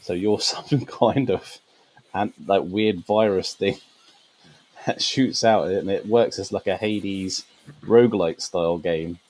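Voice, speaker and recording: Co-hosting a casual gaming podcast, a man speaks slowly in a low, slightly mellow voice, and the audio is poor. His explanations ramble with many fillers, and he laughs often.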